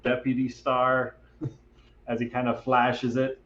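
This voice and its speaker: A man's voice: mid-range voice, monotone, takes it slowly, fairly bright tone. A man playing a tabletop game, easygoingly describing his character's moves. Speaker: player. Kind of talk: casual tabletop role-play. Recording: echoey, dull-sounding mic with faint noise.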